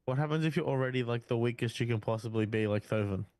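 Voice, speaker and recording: A man's voice: mid-range voice, fast, a little mellow, no room sound. A man playing in a tabletop game, teasing the others in casual banter. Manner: teasing, mischievous. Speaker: player.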